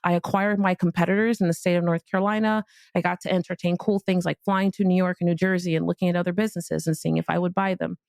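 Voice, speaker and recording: Candid, playful woman podcast host with gravelly voice. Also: lowish voice, steady tone, fast talker, hardly any pauses, darkish tone, no room sound, clean studio sound. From Miami, Florida. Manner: candid, playful, swears casually. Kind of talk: motivational monologue.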